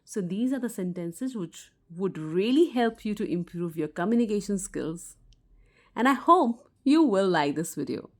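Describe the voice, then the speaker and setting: Lively woman teaching kids. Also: mid-range voice, normal speed. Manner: clear, patient explaining with bright, sing-song example phrases. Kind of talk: simple spoken lesson.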